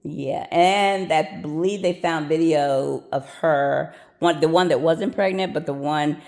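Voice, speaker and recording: A woman's voice: low-pitched, unhurried, a little mellow. A woman who works as a prison nurse, telling a story in a blunt, sassy, profane way and acting out what people said. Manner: sassy, blunt and profane, acts out quoted lines. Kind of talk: casual storytelling vlog.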